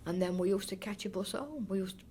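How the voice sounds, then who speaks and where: Lively intonation marks this fairly quick, mid-range voice with a dark tone, heard over slight background noise. The speaker, an older woman from the North East Derbyshire area of England, reminisces as an oral history interviewee, chatty and rambling, often restarting and adding fond asides.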